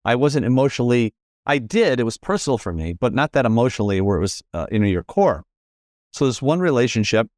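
A man hosting a casual conversation, telling personal stories and acting out quoted lines with lively changes in voice. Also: medium pitch, dry recording, clean studio sound. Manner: storytelling, animated quoting of others.

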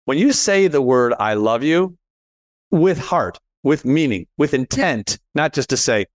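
A man hosting a casual conversation, telling personal stories with animated quoted dialogue. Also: measured pace, no echo. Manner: animated storyteller, rises in pitch acting out quotes.

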